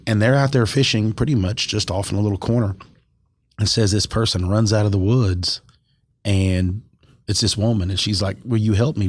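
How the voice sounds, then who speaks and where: A man's voice: on the low side, no echo. A man co-hosting a podcast, telling a strange story in casual chat and acting out the quoted lines with animation. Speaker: podcast co-host.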